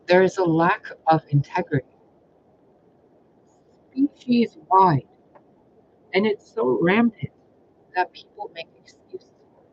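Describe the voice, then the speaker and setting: Guy venting in a rambly vlog, swears a lot, kinda high voice, muffled lo-fi sound. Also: expressive, unhurried, long pauses. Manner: profane, exasperated, rambling with restarts. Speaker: spiritual reader recounting personal life. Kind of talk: casual rambling storytelling vlog. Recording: dull lo-fi audio with faint hiss.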